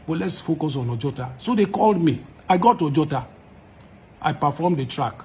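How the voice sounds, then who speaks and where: A man with a Nigerian accent talks straight to camera, laying out his case with force and driving each point home by repeating it. His voice sits a little higher than most men's. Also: lively intonation, fairly quick, darkish tone. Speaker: musician. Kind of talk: direct-to-camera address to followers.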